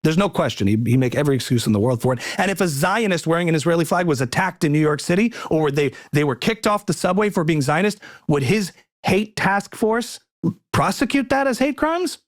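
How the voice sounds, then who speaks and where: A man's voice: a little high, animated, a little fast. A male comedian as podcast guest, arguing emphatically in a heated conversation and repeating words as he starts sentences.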